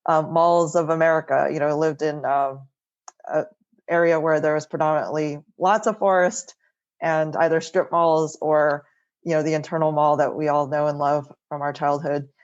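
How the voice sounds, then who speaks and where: A woman's voice: sits low, little pitch movement, moderate pace, lo-fi sound. A middle-aged woman architect telling stories from her life in a casual interview, often tagging sentences with "like" and "right?". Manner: chatty, many "like" and "right?" tags. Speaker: architect guest. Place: home, remote interview.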